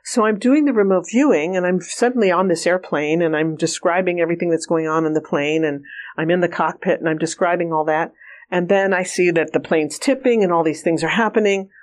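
Low-pitched earnest woman telling stories. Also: fairly quick. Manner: earnest, personal, many fillers and restarts. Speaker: interview guest, remote viewing trainer. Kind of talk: candid conversational storytelling.

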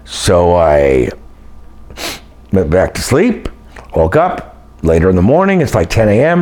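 Older male guest, lowish voice, lively storyteller who acts out quotes. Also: measured pace, long pauses. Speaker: guest telling personal stories. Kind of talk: casual storytelling.

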